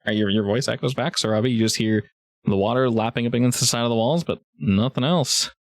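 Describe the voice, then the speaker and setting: A man running a tabletop game as game master, narrating in a casual, halting way with many fillers. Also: medium pitch, no room sound.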